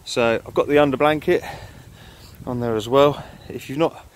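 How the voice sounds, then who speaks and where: A man's voice: medium pitch, steady tone, moderate pace, a little hiss or hum. A man chatting casually to a handheld camera while camping outdoors on a cold moor, telling a story with plenty of fillers. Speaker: motorcycle camping vlogger. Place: outdoors at a moorland campsite in winter.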